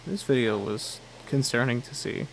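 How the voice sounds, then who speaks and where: A man's voice: mid-range voice, animated, normal speed, creaky, rough recording. A tired man giving casual, rambling commentary while playing a game, with a faint air conditioning hum. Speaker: gamer. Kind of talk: casual let's play commentary.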